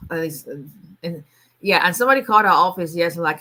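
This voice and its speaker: Bright-voiced woman attorney chatting live. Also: fairly low pitch, expressive, a little fast. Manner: chatty, laughs often, frequent restarts. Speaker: immigration attorney hosting a livestream. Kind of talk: casual livestream chat.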